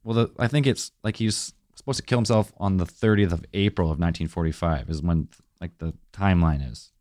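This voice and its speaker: Low-voiced man laying out theories. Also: a little fast, a little mellow, no room sound, studio quality. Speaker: podcast co-host. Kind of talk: casual chat.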